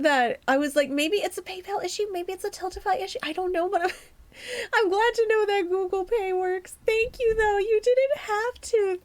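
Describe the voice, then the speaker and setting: Giggly high-voiced woman streamer. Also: no room sound. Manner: giggly, laughs often. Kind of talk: casual live-stream chat. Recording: lo-fi music playing behind.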